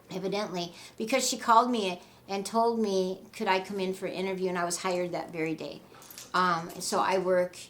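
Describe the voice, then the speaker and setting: A woman's voice: medium pitch, slight background noise. A woman earnestly telling her personal story to the camera, emotional and rambling, with many restarts. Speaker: doll maker and memory care worker.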